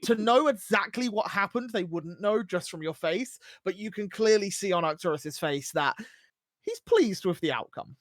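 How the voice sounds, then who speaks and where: A game master narrates a tabletop game scene in a loose, easygoing way, scattering fillers through the description. The voice is mid-pitched and the sound is dry and close. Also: normal speed, dry recording. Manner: relaxed, casual narration with fillers like "like".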